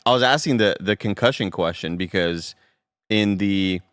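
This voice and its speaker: A man co-hosting a podcast, explaining in relaxed casual chat with fillers. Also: low voice, moderate pace, clean tone, dry recording, clean studio sound. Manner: relaxed, joking, uses fillers. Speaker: podcast co-host. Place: podcast studio.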